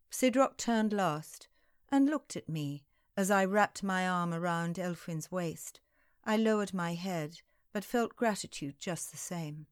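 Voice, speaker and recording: A woman narrating a historical novel in the first person, in slow, measured storytelling. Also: medium pitch, clear, resonant tone, no echo, studio quality.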